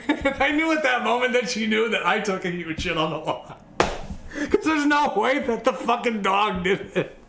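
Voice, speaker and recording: A man's voice: high-pitched, expressive, a little slow, gravelly, a bit bright, a little hiss or hum. A young man on a podcast telling crude stories in casual chat, laughing through them and rambling with lots of fillers. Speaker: podcast co-host. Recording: echoey room.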